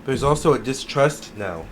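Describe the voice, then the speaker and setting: A man doing a casual tarot reading to camera, musing aloud in an unhurried way with many fillers. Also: medium pitch, creaky, a little hiss or hum. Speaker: tarot reader.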